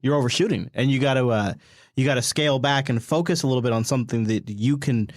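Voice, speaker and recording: A man's voice: medium pitch, fast talker, dry recording, clean studio sound. Earnest man giving plain advice. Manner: earnest, reflective, occasional swearing. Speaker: podcast co-host. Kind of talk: casual chat, giving advice.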